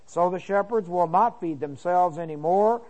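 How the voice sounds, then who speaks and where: A man's voice: high voice, normal speed, a little mellow, poor audio. A man as pastor teaching a sermon verse by verse, reading scripture aloud and breaking in with comments, with many fillers and restarts.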